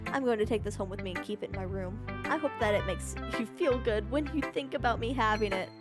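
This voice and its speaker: A woman's voice: mid-range voice, fast talker, loud music behind the voice, natural voice. A woman reading aloud as a shy, obsessive young woman in a video game, gushing with fervent adoration.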